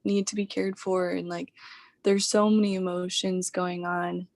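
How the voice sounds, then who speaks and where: A woman's voice: fairly low pitch, level tone, unhurried, darkish tone, dry recording. A young woman in her twenties, a coaching client on a video call, grieving and hesitant, with many fillers.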